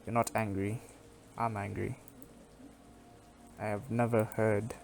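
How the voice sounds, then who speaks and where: A man's voice: fairly low pitch, level tone, takes it slowly, vocal fry, darkish tone, soft background music. A man reading a scornful grieving sister. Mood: cold. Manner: cold, cutting, scornful. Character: bitter woman defending her dead sister. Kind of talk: reading game dialogue aloud.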